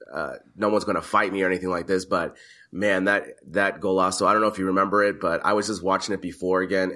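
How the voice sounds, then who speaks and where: A man co-hosting a casual sports podcast, telling a lively story with frequent restarts and fillers. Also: deep voice. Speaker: podcast co-host. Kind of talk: casual chat. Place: lives in Madrid.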